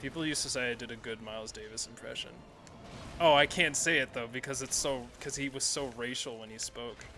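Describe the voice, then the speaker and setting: A man's voice: medium pitch, fairly quick, sharp tone, soft background music. A man streaming a video game, chatting casually in a rambling, self-correcting way and swearing often. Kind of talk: casual live-stream commentary while playing.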